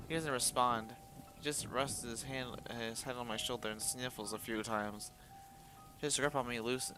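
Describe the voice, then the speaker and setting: A man reading a visual novel aloud in the first person, expressive, often stumbling and restarting, breaking off with sworn reactions. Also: mid-range voice, normal speed, soft background music. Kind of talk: dramatic first-person story reading with asides.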